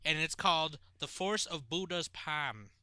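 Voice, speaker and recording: A man's voice: a little high, expressive, a little slow, bright, forceful tone, clean tone, no echo. A young man hosting a podcast in casual chat, a little tipsy, jokey and swearing a lot. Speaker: podcast host.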